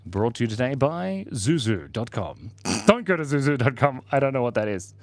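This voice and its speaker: A man's voice: medium pitch, sing-song, moderate pace, no room sound. A man hosting a casual livestream, drawing while he reads out viewers' chat messages, joking and laughing as he goes.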